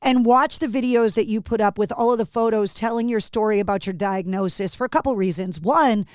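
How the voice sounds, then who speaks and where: A woman's voice: mid-range voice, fairly quick, smooth, dry recording, studio quality. A middle-aged woman hosting a podcast in casual, effusive interview chat. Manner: chatty and effusive. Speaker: podcast host.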